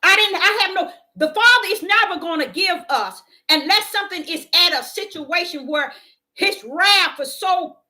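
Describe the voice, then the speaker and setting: High, lively woman preaching. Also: moderate pace. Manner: emphatic, repeats phrases for effect; swings between loud declarations and hushed storytelling. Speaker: self-described prophetic preacher. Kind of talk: impassioned preaching and personal testimony.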